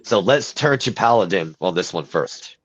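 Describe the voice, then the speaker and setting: Low-pitched and expressive, this man talks at normal speed while hosting a podcast, chatting casually as he reads out news and gives frank, opinionated takes with a few fillers. There's no echo, and the sound is dry, dull and lo-fi.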